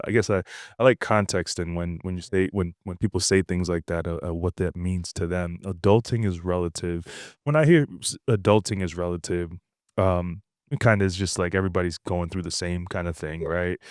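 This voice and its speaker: A man's voice: deep voice, clean tone, no room sound, studio quality. A man hosting a podcast, asking questions in a laid-back, casual way. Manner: laid-back, reacts with quick laughs and "yo". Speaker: podcast host. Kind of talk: casual interview chat.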